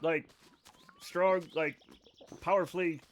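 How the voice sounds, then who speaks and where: A man's voice: a little high, steady tone, takes it slowly, a little hiss or hum. A tipsy man streaming a game and chatting casually with his viewers, blunt and profane.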